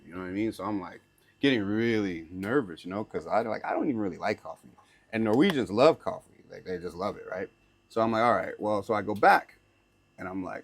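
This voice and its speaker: A man's voice: on the low side, brisk. Chatty young man telling a story. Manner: animated, chatty, slangy, lots of "like" and "right?"; slips into learner's Norwegian phrases. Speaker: vlogger. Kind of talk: casual storytelling to camera.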